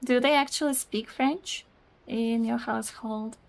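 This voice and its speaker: A woman's voice: on the high side, steady tone, a little slow, vocal fry. A young woman streaming a life simulation game, chatting casually with viewers, searching for words and laughing at herself. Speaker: gaming streamer. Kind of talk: casual chat with live chat.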